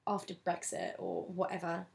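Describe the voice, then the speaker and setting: A woman's voice: fairly low pitch, sing-song, normal speed, gravelly. A young woman from England chatting openly in an interview. She talks freely, in a casual and candid way, and laughs often. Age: 20s.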